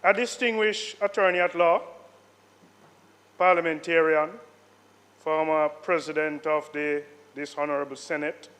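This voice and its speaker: A senator in a legislative chamber with a fairly high voice for a man. He delivers a formal tribute in a rhetorical style. He stresses each title and honor as he reads through them. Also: fairly even intonation, a little slow, long pauses, a bit bright. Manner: rhetorical, listing honors with emphasis.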